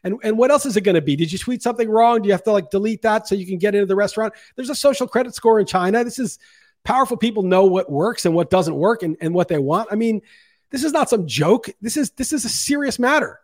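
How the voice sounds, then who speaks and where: A man's voice: sits high, lively intonation, fast talker. A man co-hosting a podcast, talking in a heated, profane rant during casual chat. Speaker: podcast co-host.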